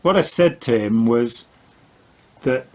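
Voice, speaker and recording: Husky older man explaining with dry wit. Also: medium pitch, animated, takes it slowly, a little mellow. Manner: explanatory with dry, wry jokes. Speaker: author and commentator. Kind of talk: casual conversational debunking.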